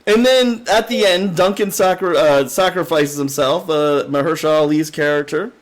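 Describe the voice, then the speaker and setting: Excitable man reviewing movies. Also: fairly high pitch, moderate pace. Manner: excitable, laughs often, acts out his reactions. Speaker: podcast co-host. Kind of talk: casual movie review chat.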